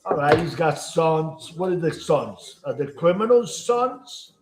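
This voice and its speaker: A man's voice: fairly high pitch, big pitch swings, measured pace, roomy sound, background noise. A man with an Italian accent, chatting casually and rambling in broken English while he cooks at home. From Italy. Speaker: home cooking show host. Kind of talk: casual cooking chat to camera.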